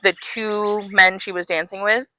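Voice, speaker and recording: A woman's voice: mid-range voice, flat delivery, a little slow, sharp tone. A woman co-hosting a podcast, casually retelling a book's plot and acting out the characters' lines, with lots of "like" and swearing. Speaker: podcast co-host.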